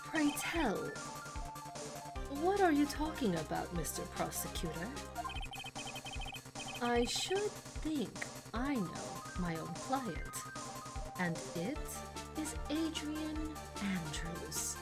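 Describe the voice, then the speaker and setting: A woman voicing a calm, courteous male assassin from a video game in a low, quiet voice. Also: slow pace, pauses often, over loud music, full character voice. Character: soft-spoken polite male assassin, calm and composed.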